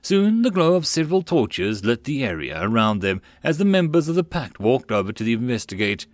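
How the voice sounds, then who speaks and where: Lively male audiobook narrator. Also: medium pitch, moderate pace, hardly any pauses, no echo, clean studio sound. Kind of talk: web novel audiobook reading.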